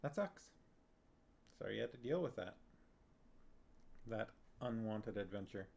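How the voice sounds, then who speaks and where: A man's voice: fairly low pitch, expressive, a little slow, creaky, darkish tone. A man streaming live, chatting casually and rambling as he reacts to messages from his viewers. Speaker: streamer reading a book with viewers.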